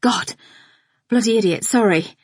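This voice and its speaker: A woman's voice: medium pitch, measured pace, husky, no echo. A woman reading an audiobook, voicing a flustered man who stumbles through breathless apologies. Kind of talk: audiobook character voice.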